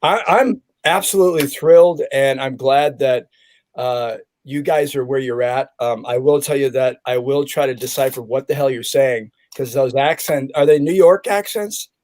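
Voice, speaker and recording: A man's voice: mid-range voice, moderate pace, darkish tone, no echo. A middle-aged man from California, chatting casually as a podcast guest and telling jokey, rambling stories. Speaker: guest magician and stuntman. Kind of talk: casual interview chat. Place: home in California.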